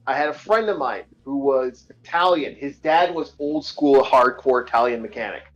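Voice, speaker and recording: A man's voice: medium pitch, normal speed, dull audio. A man co-hosting a podcast in casual chat, telling rambling stories with lots of restarts and swearing. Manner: rambling storyteller, repeats and restarts, swears freely. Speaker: podcast co-host.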